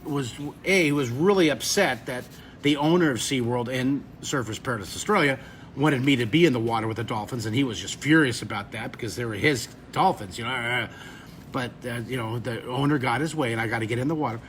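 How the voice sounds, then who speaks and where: A middle-aged man teaching drawing, telling an animated story to kids, lively and expressive, leaping into shrieks for effect. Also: mid-range voice, brisk, slight background noise.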